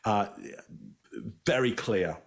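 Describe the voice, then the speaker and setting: A man giving casual panel analysis of body language in a deliberate way, often pausing on fillers. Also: lowish voice.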